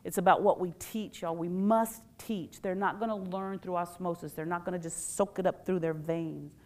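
A middle-aged woman giving a playful, animated workshop talk to parents and quizzing the audience. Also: fairly low pitch, moderate pace.

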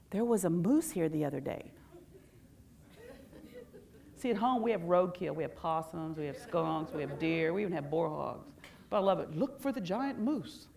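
A woman presenting a workshop to a live audience, playful and animated, asking questions and pulling the room in. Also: on the low side, vocal fry. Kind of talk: lively talk to a live audience.

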